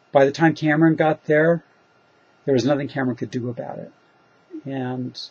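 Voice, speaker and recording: Answering questions from readers, a man who writes fiction drifts along in a casual monologue, musing aloud with filler words and joking at his own expense. His voice is medium-pitched, darkish and husky, captured on a dull, lo-fi recording.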